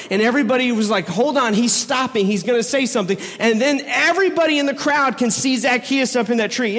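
Male pastor, high-pitched, lively storyteller in a reverberant church hall. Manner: animated storytelling with acted crowd voices. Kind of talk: sermon. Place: church sanctuary. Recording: long reverb of a large hall.

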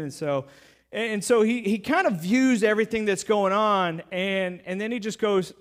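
A man's voice: sits high, brisk. A man, a pastor, preaching a sermon in a conversational storytelling manner with playful sarcasm.

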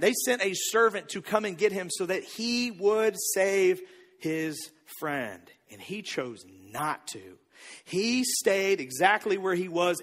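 A man preaching a sermon, telling a story with lively acted-out voices and frequent repeated words. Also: sits high, in a large hall. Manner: animated storytelling, acts out disciples' lines, repeats words. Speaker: pastor.

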